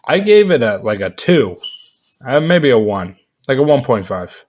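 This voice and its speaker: Guy rambling thru a movie recap, talks slow, lots of likes and ums. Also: medium pitch, sing-song, lo-fi sound. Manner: rambling recap with many fillers and asides. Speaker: movie reviewer. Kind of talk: casual spoken movie review. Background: dogs at home.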